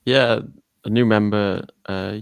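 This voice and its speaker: A male podcast co-host chatting and bantering with the others. His voice is low with a gravelly rasp, and the recording is dry. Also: fairly even intonation, slow pace, no echo. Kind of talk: casual live podcast chat.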